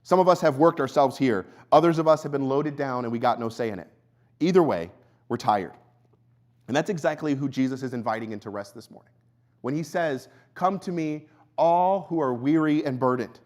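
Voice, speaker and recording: A young adult man, a pastor, preaching a sermon in a church in a conversational storytelling way, dropping his voice low and quiet when he tells a personal story. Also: brisk. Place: church sanctuary.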